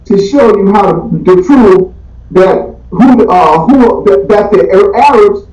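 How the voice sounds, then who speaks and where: A man with a very high, bright-ringing voice leads a Bible class, slangy and animated, firing rhetorical questions at the room. He is heard from a distance in an echoey meeting room. The recording sounds dull and muffled. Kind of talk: casual teaching Q&A.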